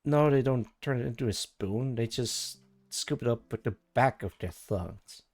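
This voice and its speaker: A man's voice: mid-range voice, a little slow, a little mellow, dry recording, faint music behind. A man streaming live, chatting casually and thinking aloud as he rambles through tangents with his viewers.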